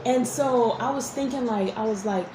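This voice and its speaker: A woman's voice: a little high, moderate pace. A woman telling a personal story in a casual vlog from a hotel room, rambling with many restarts and asides. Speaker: vlogger. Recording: roomy echo with faint noise.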